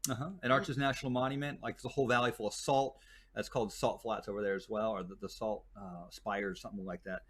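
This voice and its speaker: A man's voice: lowish voice, fairly even intonation, fast talker, fairly bright tone. A man chatting as a guest who works as a desert tour guide, telling stories in a rambling way with many fillers and restarts. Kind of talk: casual chat.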